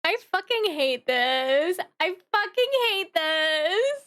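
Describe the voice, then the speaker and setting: A woman live-streaming a game, chatting to her viewers in an animated, exasperated way and muttering to herself as she changes settings. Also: extremely high pitch, slow. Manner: animated and exasperated, talking to chat, swinging from grumbling to shrieking. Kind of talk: live-stream chat while gaming.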